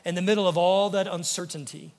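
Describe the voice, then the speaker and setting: High-voiced American pastor preaching in a reverberant hall. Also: male voice, fairly even intonation, fairly quick. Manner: earnest preaching, voice dropping low and soft on quoted words. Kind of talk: sermon. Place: church sanctuary.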